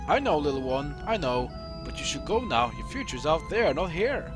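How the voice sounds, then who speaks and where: A man playing a calm, fatherly chieftain from a retro video game, voice dropped lower than his own. He speaks steadily, with some lift in the melody over game music. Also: normal speed. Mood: tender.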